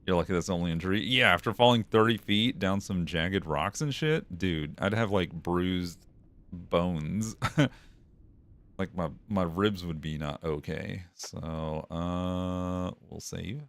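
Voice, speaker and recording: A man's voice: sits low, takes it slowly, fairly bright tone. A male streamer giving casual gameplay commentary, laid-back and chatty, with swearing and laughs.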